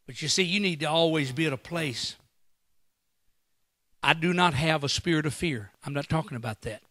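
Male guest preacher, high bright voice, dry close sound, slow dramatic delivery. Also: no echo. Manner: preaching with sudden loud bursts and acted quotes. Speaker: guest pastor. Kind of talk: sermon. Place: church.

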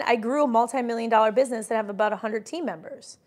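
Fairly high-pitched and lively, this woman talks fast with hardly any pauses. In her forties, she's a business coach hosting a casual live stream, giving emphatic motivational talk, reading comments aloud, and mocking doubters in put-on voices.

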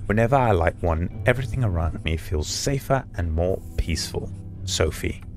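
A man doing gaming commentary, sarcastic and swearing, reading game text aloud haltingly. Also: low-pitched, expressive. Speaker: let's play host. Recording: game music behind.

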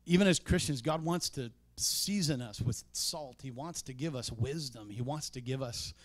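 A man preaching a sermon in a church, conversational in tone, with sudden loud emphatic peaks. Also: mid-range voice, normal speed, no room sound. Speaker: pastor.

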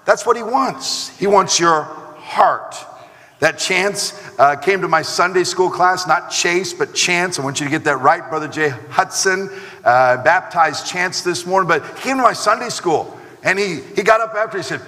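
High bright-voiced man preaching in a hall. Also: normal speed. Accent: American. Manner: animated preaching with acted asides. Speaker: pastor. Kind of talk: sermon. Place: church sanctuary. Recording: long hall reverb.

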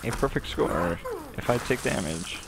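A man's voice: medium pitch, animated, normal speed, gravelly. A young man giving casual, rambling commentary while playing a game, with lots of fillers and swearing. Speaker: gaming commentator. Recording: noisy home recording.

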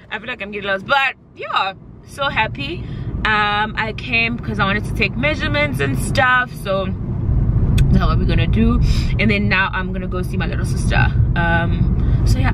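Excited woman vlogging. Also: medium pitch. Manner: excited, talks straight to viewers. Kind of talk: casual vlog chat. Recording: loud traffic and street noise.

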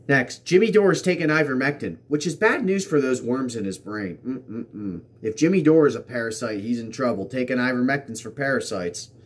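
A man's voice: mid-range voice, expressive, normal speed, breathy edge. A man hosting a political commentary show, reading out tweets and mocking them sarcastically, repeating lines for emphasis.

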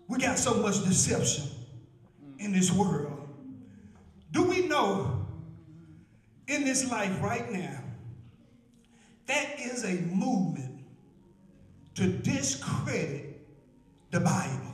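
A man preaching a sermon in a church, shouting in a rhythmic cadence full of hallelujahs, heard from far off in an echoey room. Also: high voice, very animated, takes it slowly, long pauses, soft background music. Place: church sanctuary.

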